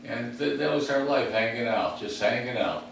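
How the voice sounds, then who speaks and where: A man's voice: medium pitch, moderate pace. A man from the west side of Chicago, hosting a comedy podcast from his recliner at home. He tells rambling street stories with many fillers and chuckles to himself. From west side of Chicago, USA. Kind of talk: rambling comic storytelling. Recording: very echoey room, mic at a distance, faint hum.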